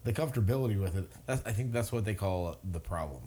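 A man who is a guest on a casual podcast, talking in a quick, offhand way. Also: lowish voice, animated, dark tone.

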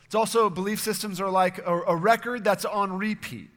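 Earnest male pastor, high and bright, reverberant hall sound. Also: fairly even intonation, moderate pace. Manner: earnest preaching, acts out quoted voices. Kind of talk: sermon.

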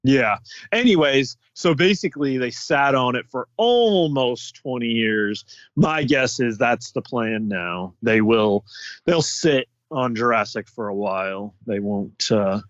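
A man's voice: mid-range voice, animated, measured pace, no echo. A man co-hosting a podcast, musing and hesitantly speculating in casual chat. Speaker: podcast co-host. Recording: dull lo-fi dry recording.

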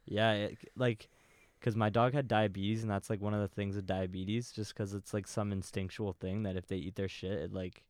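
A young man co-hosting a podcast, telling stories in a relaxed, casual way with some swearing. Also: lowish voice, moderate pace, dry recording. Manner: easygoing storytelling, swears. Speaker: podcast co-host. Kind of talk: casual chat.

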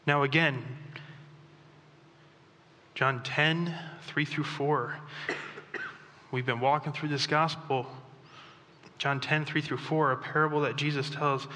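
A man preaching a sermon as pastor, chatty and animated, with offhand asides. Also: on the high side, takes it slowly, pauses often, big-room sound, slight background noise.

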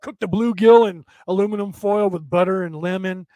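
A man's voice: sits high, fairly quick, dark tone, no room sound. A man from California chatting casually to viewers in a folksy, rambling way, often tagging his sentences with "right?". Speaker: livestream host reading chat.

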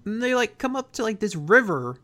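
A man's voice: sits high, big pitch swings, brisk, bright, forceful tone. A man in casual chat, recapping an episode in a laid-back, slangy way. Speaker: podcast host.

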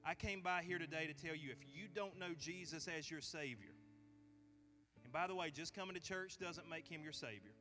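Male pastor, earnest storyteller, higher bright voice, soft guitar underneath. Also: normal speed. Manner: earnest, conversational, retells dialogue. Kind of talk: sermon storytelling. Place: church sanctuary.

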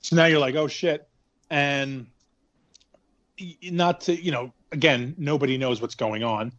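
A man's voice: medium pitch, unhurried, a bit bright, dull audio. A man casually recapping a film, rambling and sarcastic, swearing freely. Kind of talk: casual movie recap chat.

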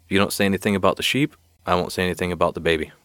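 A man voicing a calm, sly village leader who speaks in a slow, deadpan way in a spoken joke. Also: low voice, no room sound, studio quality.

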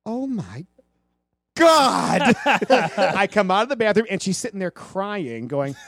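A man's voice: high-pitched, moderate pace. A man on a movie podcast, telling a childhood story in casual chat and acting out the voices of the people in it. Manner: animated storyteller who acts out voices.

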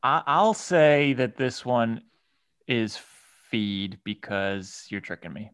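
A man's voice: mid-range voice, animated, takes it slowly, a bit bright, smooth, dry recording. Easygoing man in a dry room. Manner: easygoing, hesitant guesser. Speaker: podcast co-host. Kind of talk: casual chat.

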